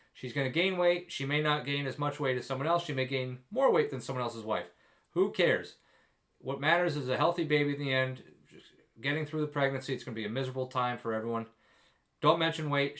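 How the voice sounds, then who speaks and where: A young man talks straight to the camera in a casual advice vlog for new fathers. His voice sits at a middle pitch and he leans hard on his warnings, mixing jokes with stories at his own expense. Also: fairly bright tone. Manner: emphatic, jokey and self-deprecating. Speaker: vlogger giving advice to expecting dads.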